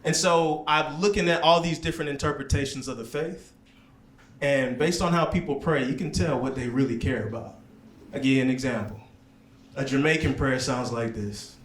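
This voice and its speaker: A man from the American South doing a stand-up comedy set in a small lounge, talking in a relaxed, conversational way and slipping into put-on voices for his characters. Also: medium pitch, moderate pace. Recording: echoey club room with loud audience noise.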